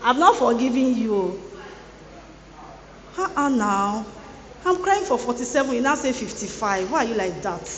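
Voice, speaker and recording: A woman with a fairly high voice preaches to a room of students, playful and teasing as she talks. Her words bounce around an echoey large hall with a long reverb tail. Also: lively intonation, normal speed, long pauses, background noise. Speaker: guest speaker at a student boot camp. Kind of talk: lively motivational sermon.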